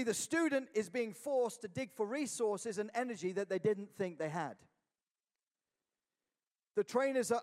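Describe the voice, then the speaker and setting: High-voiced man preaching in a reverberant hall. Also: darkish tone. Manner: earnest exhortation with repeated calls of "Amen?". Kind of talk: sermon.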